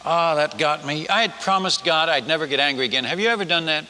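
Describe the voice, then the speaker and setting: An older man from the Netherlands, a missionary telling a humorous sermon story, animated and acting out the people in it. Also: fairly high pitch, fast talker, slight background noise. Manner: animated, acts out villagers and his wife in quotes. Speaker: missionary speaker. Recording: long hall reverb.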